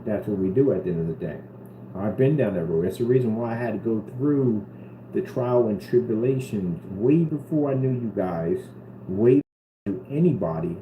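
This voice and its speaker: A man's voice: lowish voice, dull audio. A man vlogging to the camera in an earnest, rambling way, often repeating himself. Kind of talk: casual talk to camera. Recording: roomy with steady background noise.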